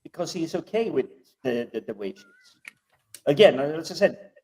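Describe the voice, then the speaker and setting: A man's voice: fairly high pitch, expressive, normal speed, a little mellow. Distant-sounding man, thoughtful casual chat. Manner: thoughtful, speculative. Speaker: TV review podcast co-host. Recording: distant from the microphone.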